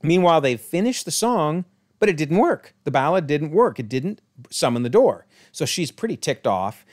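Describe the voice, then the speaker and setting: A man's voice: a little high, very animated, normal speed. A man giving a casual, enthusiastic episode breakdown, chatty and often correcting himself mid-sentence. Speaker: YouTube show recapper.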